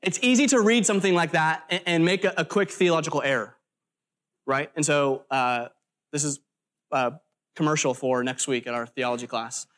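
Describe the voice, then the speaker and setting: High-voiced man preaching earnestly. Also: moderate pace, a bit bright. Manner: earnest preaching with emphatic lists and asides. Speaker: pastor. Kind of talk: sermon.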